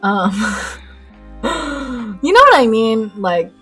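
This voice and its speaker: A young woman streaming her painting and chatting with viewers in an excitable, rambling way, laughing often. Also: fairly high pitch, extremely slow, husky. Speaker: art streamer. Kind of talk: casual chat while painting live. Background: faint lo-fi music.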